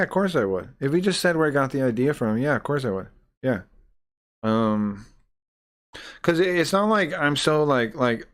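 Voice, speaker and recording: Smooth-voiced man ranting on stream. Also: medium pitch. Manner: indignant, profane, rambling retelling. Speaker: livestreamer.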